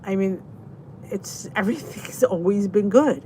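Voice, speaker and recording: A woman hosting a casual live stream rambles in an easygoing way, pausing to greet her viewers. Her middle-pitched voice is a little slow and a little mellow, with a faint hum behind her.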